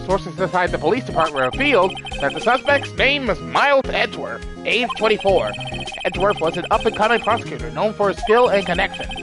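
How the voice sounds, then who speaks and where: A formal male TV news anchor reads the bulletin in a measured broadcast tone, voiced by a woman. Game music plays behind him. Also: medium pitch, big pitch swings, lightly acted. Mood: urgent. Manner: formal newsreader delivery.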